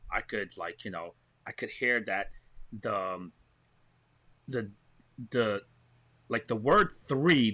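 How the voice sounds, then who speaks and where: A man, an actor talking excitedly in a remote interview, full of "you know what I mean". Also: lowish voice. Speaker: actor and show host, guest. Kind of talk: animated conversational interview.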